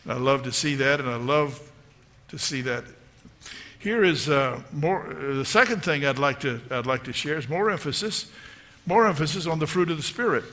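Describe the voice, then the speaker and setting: Forceful, bright-voiced preaching pastor. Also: male voice, a little high. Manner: emphatic preaching, repeating phrases for emphasis. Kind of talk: sermon.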